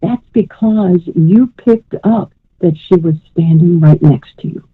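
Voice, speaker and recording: A woman's voice: lowish voice, measured pace, husky, no room sound. A woman psychic medium giving a live reading on a radio call-in show, talking in a rambling way and calling the caller sweetheart. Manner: warm, rambling, uses endearments like sweetheart. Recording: tinny phone line.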